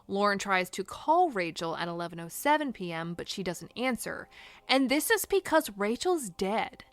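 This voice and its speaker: A woman's voice: mid-range voice, big pitch swings, normal speed, no room sound. A young woman hosting a true crime podcast, narrating casually with sarcastic asides and rhetorical questions.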